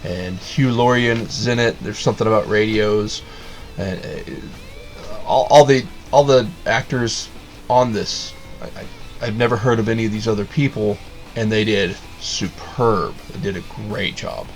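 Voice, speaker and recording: A man giving a blunt, casual review of a miniseries, halting with many fillers and restarts. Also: fairly low pitch, soft background music. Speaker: show host reviewing a miniseries.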